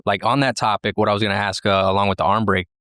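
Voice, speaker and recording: Laid-back man with a lowish voice. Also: level tone, rapid-fire, a bit bright, no echo, studio quality. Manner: laid-back, slangy, swearing, short reactions. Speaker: podcast host. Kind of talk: casual podcast interview. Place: cafe.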